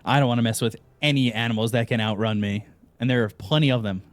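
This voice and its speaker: A fast-talking man co-casts an esports stream, chatting casually and telling long jokes in which he animatedly acts out characters with jumps in pitch. There's no room sound.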